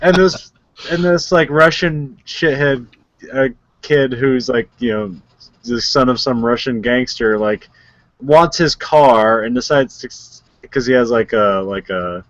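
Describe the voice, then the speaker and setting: A man talks casually on a podcast, rambling through his story with constant filler words and quick laughs. His voice sits in an ordinary middle range. The sound is dry and close, with no room echo. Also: mid-range voice, dull audio. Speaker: podcast co-host. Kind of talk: casual chat.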